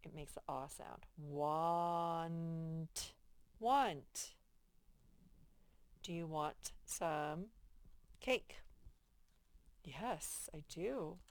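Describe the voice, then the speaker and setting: A woman's voice: low voice, animated, drawn-out words, pauses often, no echo. A woman teaching sight words to young children, patiently stretching out the sounds of each word. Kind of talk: reading lesson for young children.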